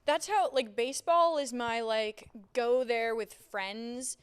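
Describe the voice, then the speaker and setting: A woman's voice: on the high side, takes it slowly, clear, resonant tone. A young woman with a Central New York accent, co-hosting a casual sports podcast as a local sports reporter, talking with lots of "like" and "I mean.". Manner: chatty, frequent "like" and "I mean". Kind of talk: casual chat.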